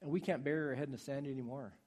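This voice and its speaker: A man preaching a sermon in a husky voice, swinging from soft pleading to loud urging. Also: mid-range voice, steady tone, racing.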